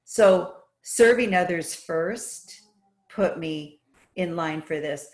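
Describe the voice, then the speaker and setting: A woman's voice: lowish voice, slow. A woman guest on a podcast, telling her stories with enthusiasm in a casual, run-on way. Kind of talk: casual interview storytelling.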